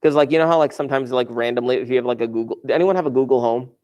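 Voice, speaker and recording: A man teaching a high school math class, chatty and informal, who repeats key phrases to drive them home. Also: very fast, darkish tone. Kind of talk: recorded classroom math lesson.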